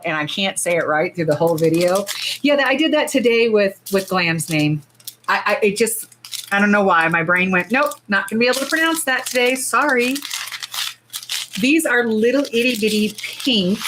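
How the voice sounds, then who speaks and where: A woman's voice: mid-range voice, fairly bright tone, slight background noise, rough recording. A woman with a lilt hosting a casual livestream, chatty and bubbly, gushing and filling her talk with little asides. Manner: chatty and bubbly, many fillers, gushes over tiny things. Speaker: nail art livestream host. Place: indoors under lights.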